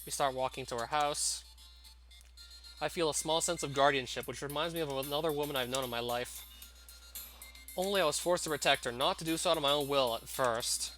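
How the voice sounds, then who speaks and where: A man's voice: a little high, brisk, fairly bright tone, soft background music. A man reading a visual novel aloud in a dramatic first-person narration. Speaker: game narrator, YouTuber.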